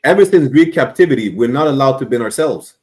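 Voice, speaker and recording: A man's voice: mid-range voice, lively intonation, quick pace, darkish tone, soft background music. A man speaking on an online stream discussion, earnest and rambling, with many restarts.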